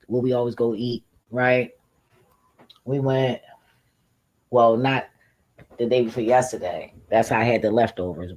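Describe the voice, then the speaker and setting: Through a rough recording comes a mid-range, slightly mellow male voice. He's a livestream host spinning a casual story for his live audience, laughing, blunt and full of profanity.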